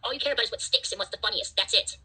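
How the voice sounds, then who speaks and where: A woman's voice: medium pitch, racing, sharp tone, slightly rough, poor audio. A woman hosting a livestream, ranting at her chat in an angry, profane, defiant way. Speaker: livestream host.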